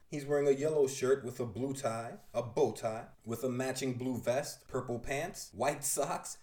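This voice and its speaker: A man's voice: medium pitch, a little mellow, echoey room. A man reviewing a comic book, describing each panel aloud in detail and with enthusiasm.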